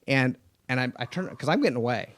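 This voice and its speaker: This man talks quickly in a mid-range voice. He's a race car driver telling casual stories during a laid-back studio chat, animated throughout and performing the voices of anyone he quotes.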